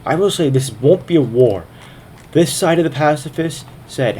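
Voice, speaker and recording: A man's voice: on the high side, lively intonation, moderate pace, dark tone, slight background noise. A man casually commenting on a strategy game, thinking aloud as he narrates each turn, sometimes a little out of breath. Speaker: gaming video host.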